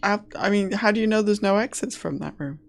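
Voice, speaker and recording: A woman's voice: medium pitch, a little fast, gravelly, a little hiss or hum. A woman playing a tabletop role-playing game, talking casually and hesitantly with many fillers. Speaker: player.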